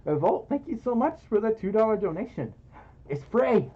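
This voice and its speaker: A man wearing a fursuit livestreams indoors, reading donations aloud with giggles, playfulness, and self-deprecating humor. His high voice is very animated and moderately paced, though the recording is muffled.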